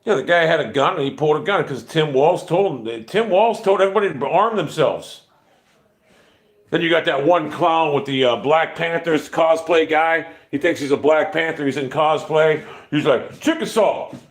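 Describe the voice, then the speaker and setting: Hosting a casual livestream, a man in his fifties talks at normal speed in a fairly high-pitched voice. He rambles, swears, and sounds irritated.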